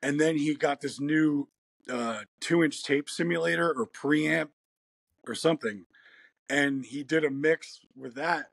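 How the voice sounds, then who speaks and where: Rambly american guy in an interview, husky voice, laughs a lot, dead dry sound. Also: fairly high pitch, a little slow, fairly bright tone, no room sound. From United States. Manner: laid-back, rambling, laughs often. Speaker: guest musician. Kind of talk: casual interview chat.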